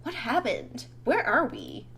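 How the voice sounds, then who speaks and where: A woman's voice: a little high, wildly swooping pitch, slow, gravelly, a bit bright, a little hiss or hum, voice pushed up, heavily acted. A woman reading the lines of an anxious, confused young male doctor, urgent and questioning.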